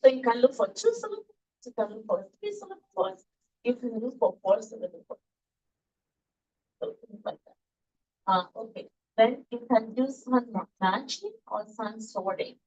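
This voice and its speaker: A woman's voice: a little high, animated, normal speed, a little mellow, husky, dull audio. A woman teaching an early childhood education class, explaining patiently and quizzing her students in a playful way. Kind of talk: classroom lecture.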